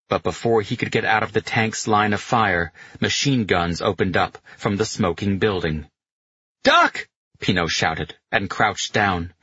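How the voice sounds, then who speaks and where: Deep, husky male audiobook narrator. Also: no room sound, dull audio. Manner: steady, measured storytelling. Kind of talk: scripted narration of a war novel.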